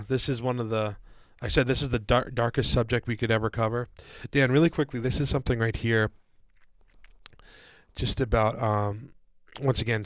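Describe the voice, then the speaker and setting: Casual male podcast co-host with a mid-pitched voice, rambling with lots of fillers, dry recording. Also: dry recording. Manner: casual, calls listeners "guys" and "dude".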